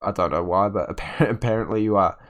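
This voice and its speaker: A man's voice: on the low side, fast. A young man giving casual commentary on his football management game, getting frustrated with his team and stammering through restarts as he rants at the players. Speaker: gaming YouTuber.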